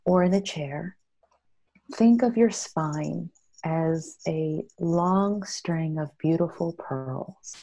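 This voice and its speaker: Woman, 50s, interview guest; gentle, compassionate self-care talk, unhurried and warm-toned. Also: on the low side, vocal fry, breathy edge, poor audio. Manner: slow, soothing, compassionate; drops to whispers at times. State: in pain.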